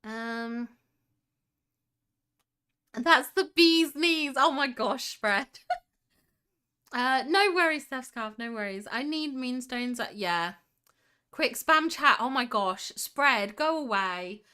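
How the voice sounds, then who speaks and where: A woman's voice: on the high side, expressive, slow, sharp tone, smooth. A young woman hosting a casual livestream, reading chat and gushing over screenshots with frequent giggles. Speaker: livestream host.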